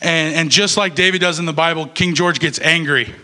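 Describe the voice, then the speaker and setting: Bright-voiced young male youth pastor. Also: fairly high pitch, fairly even intonation, brisk. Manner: casual, conversational preaching with fillers. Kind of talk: sermon.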